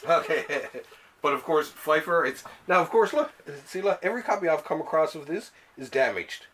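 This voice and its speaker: A man's voice: fairly high pitch, expressive, moderate pace, fairly bright tone. A man hosting a casual show about comic books, rambling and often laughing as he talks. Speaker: show host. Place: home library room.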